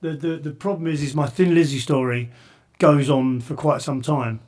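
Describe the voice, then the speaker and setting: A man hosting a podcast, telling a long story in a rambling, animated way with frequent restarts and swearing. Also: on the high side, normal speed. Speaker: podcast host. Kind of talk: casual storytelling chat.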